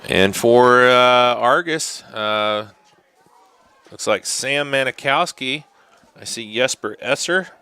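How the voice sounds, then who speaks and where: A man giving live play-by-play commentary on a youth soccer shootout, unhurried and sometimes hushed. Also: mid-range voice, clean tone. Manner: unhurried, drops to a hushed whisper during tense kicks. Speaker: sports commentator.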